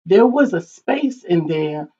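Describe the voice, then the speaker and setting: A woman's voice: lowish voice, sing-song, slow pace, warm tone, husky. A woman co-hosting an online talk show, reflecting thoughtfully on a story and quoting scripture. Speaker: podcast co-host. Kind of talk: reflective conversation. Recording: dull lo-fi stream audio.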